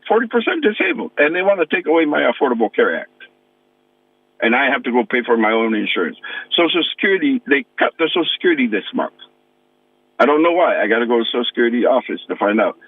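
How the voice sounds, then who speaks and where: A man's voice: mid-range voice, lively intonation, fast, husky, no room sound. Impassioned older man on a phone line. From American Samoa. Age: 60s. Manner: emphatic, impassioned complaint. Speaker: caller, pastor and veteran. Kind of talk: phone-in call to a radio show. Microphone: telephone. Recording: tinny phone line, dry.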